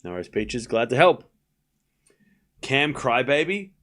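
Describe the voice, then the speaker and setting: A man's voice: mid-range voice, sing-song, unhurried, a bit bright. A young man hosting a live tennis watchalong, calling scores and answering chat with joking mock anger. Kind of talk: casual live watchalong commentary, reading chat.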